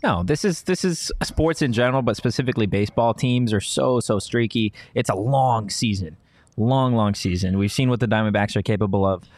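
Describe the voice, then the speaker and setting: Low-voiced guy on a sports podcast, calm upbeat, dry close mic. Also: brisk, no echo. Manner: upbeat, reassuring. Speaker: podcast co-host. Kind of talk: casual sports podcast chat and read ads.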